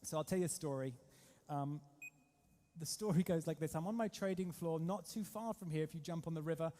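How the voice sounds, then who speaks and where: A man giving a lively motivational seminar talk as a trading coach, telling stories and quizzing his audience. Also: on the high side, moderate pace. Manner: energetic, storytelling, keeps polling the audience.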